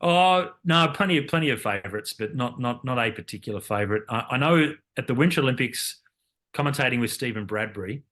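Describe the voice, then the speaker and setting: A man's voice: medium pitch, expressive, a little fast, a bit bright. A man, talking as an interview guest in a loose, rambling way with many fillers and restarts. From Australia. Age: 50s. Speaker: guest, Olympic cyclist and commentator. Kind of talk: casual interview conversation.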